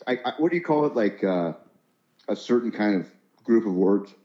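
A man's voice: lowish voice, expressive, normal speed. A man from the Bay Area chatting casually, hesitant and full of fillers, often trailing off. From San Francisco Bay Area. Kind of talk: casual chat. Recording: roomy, dull lo-fi sound.

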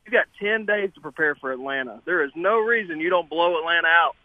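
A man's voice: a little high, fairly quick, dry recording. A man calling in to a sports radio show, insistent and confident about his team. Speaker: caller. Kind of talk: call-in radio talk. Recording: tinny phone line.

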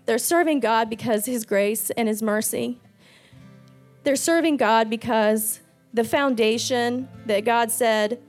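A woman pastor giving an earnest sermon, telling personal stories with frequent restarts. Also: on the high side.

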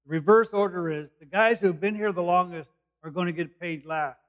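A man's voice: high voice, fairly even intonation, a little fast. A man preaching a sermon, explaining a passage verse by verse in plain, conversational words. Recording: dull lo-fi recording.

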